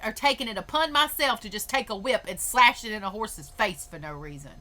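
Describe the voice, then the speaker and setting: A woman's voice: medium pitch, expressive, brisk, hardly any pauses, pushed and bright. A woman hosting a podcast, ranting in a blunt, emphatic way and swearing freely. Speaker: podcast host. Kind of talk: opinionated podcast monologue.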